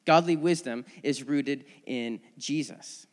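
A man's voice: medium pitch, slow pace. A man giving a sermon in a church, earnest and conversational, often restarting his phrases as he tells a story. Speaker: preacher. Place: church sanctuary. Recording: long church reverb.

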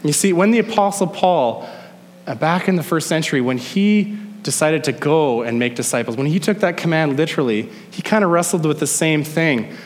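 A male pastor preaching a sermon, emphatic, slowing down to stress key phrases. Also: a little high, lively intonation, big-room sound, a little hiss or hum. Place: church sanctuary.

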